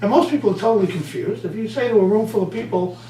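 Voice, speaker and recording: A man being interviewed as an author and speaker, telling stories with lively acted-out quotes. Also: sits high, fast talker. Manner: animated storyteller, acts out quotes. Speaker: guest author and motivational speaker. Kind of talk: conversational interview. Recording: roomy, distant mic, faint hum.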